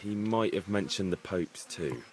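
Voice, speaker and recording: A man's voice: low-pitched, unhurried, a crowd in the background, rough recording. An actor playing an earnest, hesitant young village man in video game dialogue.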